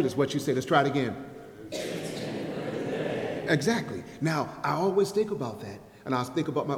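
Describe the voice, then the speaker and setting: A man giving a sermon at a church, reciting a rhyming spoken-word poem with a playful rhythm and leading the congregation in call-and-response. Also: mid-range voice. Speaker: guest speaker at a church service. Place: church sanctuary. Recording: echoey hall with long reverb.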